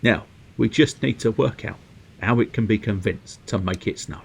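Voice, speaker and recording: A man reading a theatrical, eccentric male adventurer in a video game, florid and unhurried. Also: fairly low pitch, gravelly, a little hiss or hum. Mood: wistful.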